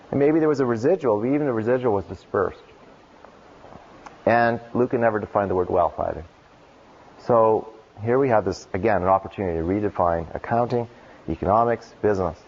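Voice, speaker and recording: Animated man giving a keynote talk. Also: fairly low pitch. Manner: animated storyteller, acts out quoted voices, casual "like" fillers. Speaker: keynote speaker. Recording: dull lo-fi conference recording.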